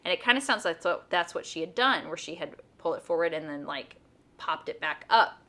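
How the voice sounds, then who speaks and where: Middle-aged woman vlogger, lower pitch, bright tone, casual and chatty with lots of "um" and "you know". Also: animated, fairly quick. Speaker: vlogger, homeschooling mom and nurse. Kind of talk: casual personal storytelling.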